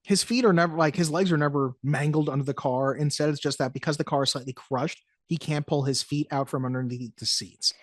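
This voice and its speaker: A podcast co-host chatting casually about a film, animated and jokey, often slipping into quick mock voices. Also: medium pitch, dry recording, clean studio sound. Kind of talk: casual movie-review chat.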